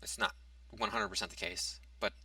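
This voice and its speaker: Male commentator, low gravelly voice, hesitant restarts, dry recording from a distance. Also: steady tone, normal speed, bright, forceful tone, dry recording. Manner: argumentative, reads out a topic then rebuts it. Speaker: commentary vlogger. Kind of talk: casual opinion monologue.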